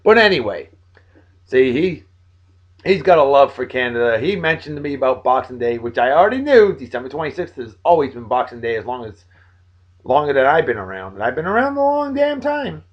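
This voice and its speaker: A man in his forties, worn out but friendly, runs through shout-outs to his friends in a casual, joking way. He jumps from loud outbursts to low mumbles. The audio is a bit dull and lo-fi. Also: animated, a little fast. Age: 40s. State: tired. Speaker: video blog host.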